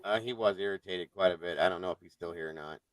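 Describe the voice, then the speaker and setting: A man's voice: low-pitched, fast talker, dry recording, poor audio. A man hosting a live stream, chatting casually with guests and checking each one in. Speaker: livestream host.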